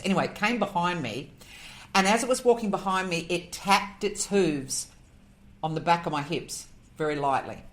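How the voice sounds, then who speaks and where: A woman, a podcast guest, telling a personal story in an animated, emotional way and acting out the voices in it. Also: fairly low pitch. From Australia. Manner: emotional, moved near tears.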